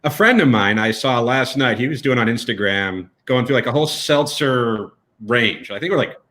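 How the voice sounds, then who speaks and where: A man's voice: medium pitch, lively intonation, normal speed, sharp tone. A man co-hosting a casual live-stream chat over a video call, dry and teasing. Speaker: co-host.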